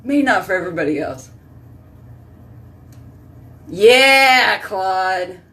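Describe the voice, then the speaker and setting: A woman's voice: mid-range voice, lively intonation, measured pace, distant mic. Chatty sounding woman host. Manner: chatty, rambling, addresses viewers by name. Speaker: host reading live chat. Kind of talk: casual live-stream chat.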